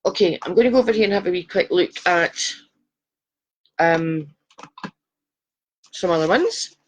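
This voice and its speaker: A woman's voice: on the low side, lively intonation, measured pace, slight background noise. Chatty woman psychic. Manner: chatty and affectionate, calls viewers darling. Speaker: psychic giving readings. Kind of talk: live-stream chat reading viewers' photos.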